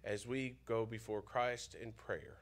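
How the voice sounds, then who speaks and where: A man's voice: fairly low pitch, unhurried. Congested man giving church announcements. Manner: casual, informal. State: congested from pollen. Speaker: pastor. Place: church sanctuary.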